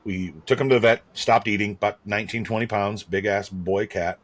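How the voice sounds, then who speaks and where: A man's voice: on the low side, steady tone, fairly quick. A man co-hosting a podcast, talking in a rambling, matter-of-fact and profane way. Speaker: podcast co-host. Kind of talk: casual podcast chat.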